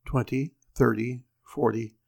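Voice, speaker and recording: Male narrator, gravelly, mid pitch, measured dramatic delivery for a story reading. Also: fairly even intonation, a little mellow.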